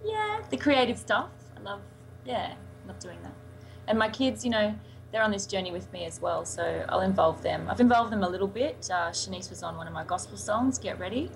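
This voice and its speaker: A woman's voice: medium pitch, animated, fairly quick, slight background noise, rough recording. A woman from Sydney with an Australian accent, a singer-songwriter talking over a Skype call, bubbly and laughing often. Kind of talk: casual interview over Skype.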